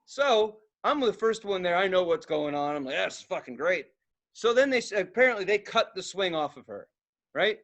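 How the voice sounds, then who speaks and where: A young man co-hosting a podcast, telling stories in a casual, profane, animated way, acting out loud outbursts and laughing along. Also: high-pitched, normal speed. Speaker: podcast co-host. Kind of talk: casual storytelling chat.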